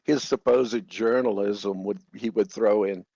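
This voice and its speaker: A man's voice: lowish voice, fairly even intonation, measured pace, gravelly, dark tone, dry recording. A man chatting casually in a laid-back, chuckling way. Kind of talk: casual chat. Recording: distant, dull lo-fi audio.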